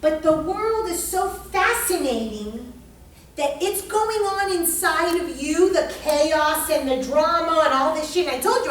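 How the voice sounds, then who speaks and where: A woman teaching astrology to a small class in an emphatic, profane way, dropping to a hush and then rising to a shout. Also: high voice. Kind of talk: informal lecture to a small class. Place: indoor room with a group. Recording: very echoey room, mic far off, faint hiss.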